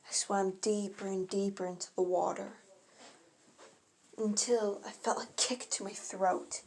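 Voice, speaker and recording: A woman reads her own first-person fan story in a slow, unhurried way. She keeps stumbling over words and correcting herself as she goes. Her pitch sits in an ordinary middle range, with a faint hiss of noise behind her. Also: flat delivery, a little mellow. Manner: halting, often stumbles and corrects herself mid-sentence.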